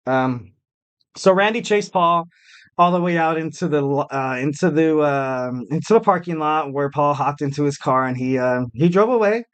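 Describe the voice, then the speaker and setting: Man, podcast host, slightly high voice, casual, rambling, self-deprecating, lots of fillers. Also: moderate pace, clean tone. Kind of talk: casual solo podcast commentary.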